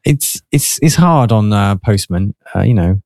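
Low-voiced easygoing studio co-host man. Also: expressive, unhurried, creaky, darkish tone, no room sound. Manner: easygoing, agreeable, hesitant fillers. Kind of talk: casual live studio chat. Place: small studio.

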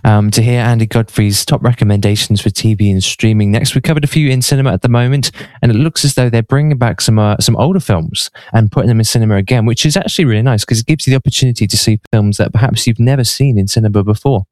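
A man's voice: fairly low pitch, darkish tone, no echo. A man presenting a radio show, linking into the film chat in an easygoing way. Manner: brisk, easygoing links.

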